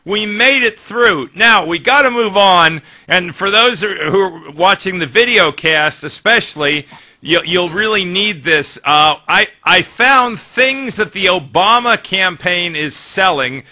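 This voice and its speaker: A male talk show host with a high, very bright and cutting tone. He steers the banter briskly and adds wry asides as he moves through each segment. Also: lively intonation. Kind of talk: casual talk radio banter.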